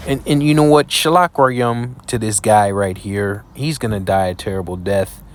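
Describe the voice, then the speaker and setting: A man preaching scripture commentary while reacting to a video, profane and scornful, reading verses slowly. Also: lowish voice. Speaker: online preacher.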